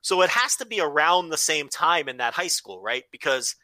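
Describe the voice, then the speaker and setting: A man's voice: on the high side, big pitch swings, moderate pace, pushed and bright, dry recording. A man co-hosting a podcast in loose, profane, joking chat. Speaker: podcast co-host. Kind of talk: casual chat.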